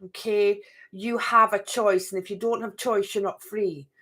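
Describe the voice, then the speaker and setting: A woman's voice: mid-range voice, steady tone, unhurried, fairly bright tone. A middle-aged woman giving a live card reading to viewers. She chats, talks to herself and repeats phrases. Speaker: card reader.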